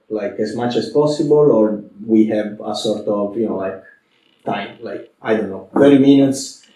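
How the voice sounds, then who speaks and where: A man with a lowish, mellow voice hosts an interview, searching for words and filling pauses with "you know" and "like." His voice echoes heavily around the room, and he sounds distant from the mic. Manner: hesitant, many "you know, like" fillers. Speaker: interview host. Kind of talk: conversational interview.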